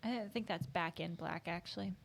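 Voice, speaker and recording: A woman co-hosting a podcast in casual chat, teasing and playful with deadpan asides. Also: fairly low pitch, moderate pace, gravelly. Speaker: podcast co-host.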